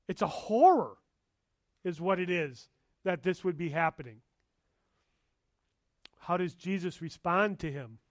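A man's voice: high voice, lively intonation, unhurried, long pauses, no room sound, clean studio sound. A man preaching a verse-by-verse sermon, reading scripture and pressing key points with rising emphasis. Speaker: pastor.

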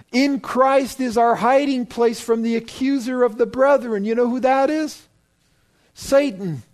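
Male pastor, high voice, emphatic preacher who quizzes his flock. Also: a little mellow. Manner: emphatic preaching with rhetorical questions to the congregation. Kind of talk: sermon.

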